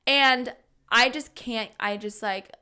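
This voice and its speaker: A woman's voice: on the high side, slow pace, sharp tone, clear, resonant tone. A woman in her twenties co-hosting a podcast, talking candidly and laughing often in casual chat. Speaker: podcast co-host.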